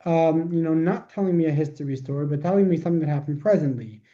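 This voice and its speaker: A man's voice: on the high side, fast talker, warm tone, muffled recording. A man teaching a class, patiently explaining ideas and answering questions step by step.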